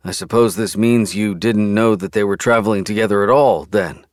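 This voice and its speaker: A man's voice: fairly low pitch, fairly even intonation, moderate pace, dry recording, clean studio sound, natural voice. A man voicing a blunt, crass male police officer in an audiobook. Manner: crass, impatient.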